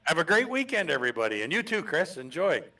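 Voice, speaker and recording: A man's voice: a little high, sing-song, fast, sharp tone, far from the mic. A man co-hosting a podcast in casual chat, upbeat and jokey, heard over a remote call. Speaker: podcast co-host.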